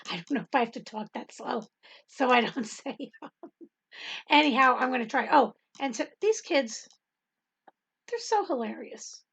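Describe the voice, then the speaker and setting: Middle-aged lady chatting away, husky and a bit gravelly, lots of ums and laughing. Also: high-pitched, animated, moderate pace, long pauses, a bit bright. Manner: rambling, laughs often, many ums. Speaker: Bible study host and teacher. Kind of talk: casual testimony talk.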